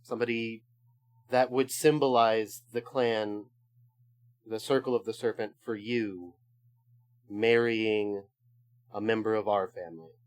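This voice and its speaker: Male player: low, slow, halting, diplomatic. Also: fairly even intonation. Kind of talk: in-character play.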